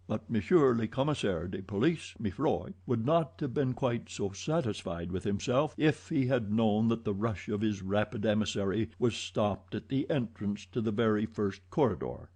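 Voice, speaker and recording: Mellow-voiced male audiobook narrator. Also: on the low side, lively intonation, husky. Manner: measured storytelling. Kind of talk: scripted narration.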